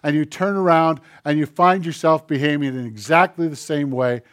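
A male pastor delivering a sermon with a somewhat high voice. He talks conversationally, slips into acted-out quotes and throws quick asides to his listeners. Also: fairly bright tone.

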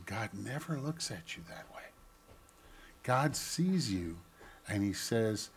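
An older man, a pastor, giving a gentle storytelling children's sermon and speaking directly to the kids. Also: on the low side, very animated, slow, a little hiss or hum.

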